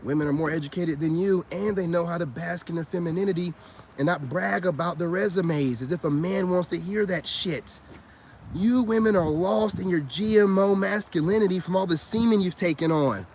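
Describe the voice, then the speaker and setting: A man's voice: high voice, normal speed, darkish tone, slight background noise. A man ranting in a combative vlog monologue. He repeats himself and keeps dropping "you know what I'm saying.". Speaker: vlogger.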